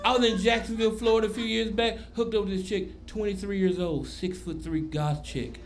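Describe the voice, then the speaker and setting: A man from Memphis doing a crude, animated stand-up routine on a club stage. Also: high voice, a little fast. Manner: loud, crude, animated storytelling. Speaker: stand-up comedian. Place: comedy club stage before a live audience. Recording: live club recording with noise.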